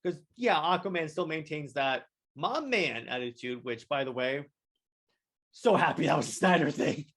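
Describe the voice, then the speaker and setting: A young adult man hosting a solo podcast review, talking excitedly and rambling with many stammered restarts. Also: a little high, normal speed. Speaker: podcast host.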